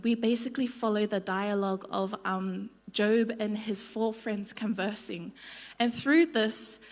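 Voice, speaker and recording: A young woman with a slightly high voice gives a relaxed Bible study talk at church, stepping through slides. She talks in a chatty way, full of ums and likes, and acts out the lines of the people she quotes. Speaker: youth speaker at church.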